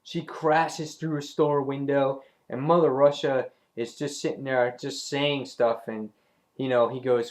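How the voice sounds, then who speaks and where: A man casually reviewing a comic book, retelling the story with excitement and acting out the characters' lines in a raised voice. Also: medium pitch, unhurried.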